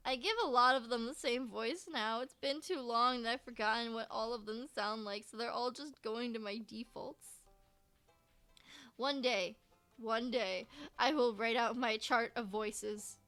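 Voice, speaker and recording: A woman talks her way through a relaxed gaming session in a high voice, chatty and prone to repeating herself. Soft music plays faintly behind her. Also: a little slow. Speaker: game streamer. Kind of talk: casual gameplay commentary.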